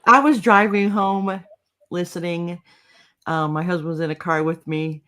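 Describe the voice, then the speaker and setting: Woman ranting bluntly, kinda low voice, curses a lot. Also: fairly even intonation, measured pace, a bit bright. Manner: heated, blunt, swears. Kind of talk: casual chat.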